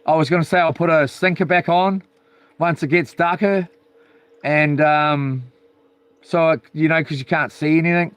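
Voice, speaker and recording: A man's voice: a little high, steady tone, normal speed, a bit bright, clear, resonant tone, no room sound. A man hosting a casual live stream outdoors by the sea at night, rambling and hesitant with many ums. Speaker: channel host live-streaming.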